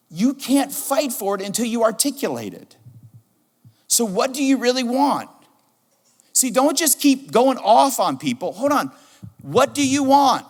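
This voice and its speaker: A middle-aged man preaching a sermon as pastor, animated and repeating his key questions for emphasis. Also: very high-pitched. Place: church sanctuary. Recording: reverberant church hall.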